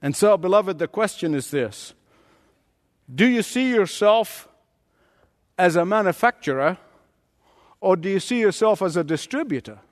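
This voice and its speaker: High voiced pastor preaching, booms then goes quiet, long echo of a big hall. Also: male voice, animated, a little slow, pauses often. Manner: dramatic preaching, swings from booming to hushed. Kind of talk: sermon.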